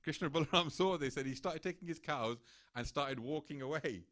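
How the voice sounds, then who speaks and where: Animated man telling a temple story. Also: fairly high pitch, fairly quick. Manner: animated, acts out quoted voices. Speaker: temple speaker. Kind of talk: sermon storytelling.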